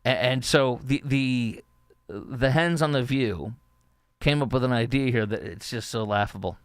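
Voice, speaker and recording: A man hosting a political talk show, giving opinionated commentary in a sarcastic, mocking way, halting often with fillers. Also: medium pitch, clean tone, dry recording, clean studio sound.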